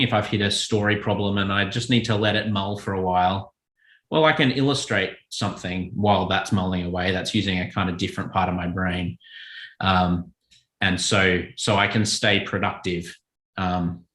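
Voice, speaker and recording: A man, a children's author, answering interview questions in a thoughtful, self-correcting, relaxed way. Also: low voice, moderate pace. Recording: echoey room.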